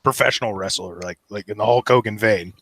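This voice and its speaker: A man's voice: lowish voice, fairly quick, a bit bright, dry recording. A man playing a tabletop game, casual and joking with playful bluster. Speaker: player.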